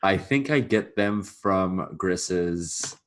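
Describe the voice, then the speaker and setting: Low-voiced hesitant man player. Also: very slow. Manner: hesitant, rambling, filler-heavy. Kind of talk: tabletop role-play chat.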